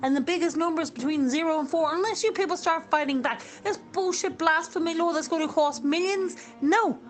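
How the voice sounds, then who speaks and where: A woman's voice: very high-pitched, a little fast. A woman with an Irish accent hosting her own radio show, speaking in a fiery, indignant and emphatic monologue.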